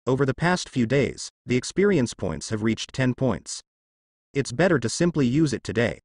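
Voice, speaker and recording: A man narrating translated fan fiction as an audiobook, in a steady storytelling manner. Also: medium pitch, normal speed, no echo, studio quality.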